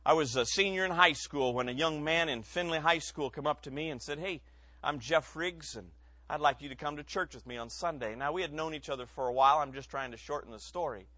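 A man preaching a sermon, telling his own testimony in an earnest, emotional way that rises into loud emphasis and drops to near quiet. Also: on the high side, brisk, dry recording. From Ohio.

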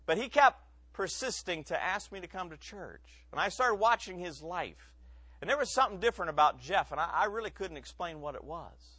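A man preaching a sermon, telling his own testimony in an earnest, emotional way that rises into loud emphasis and drops to near quiet. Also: fairly high pitch, no room sound. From Ohio.

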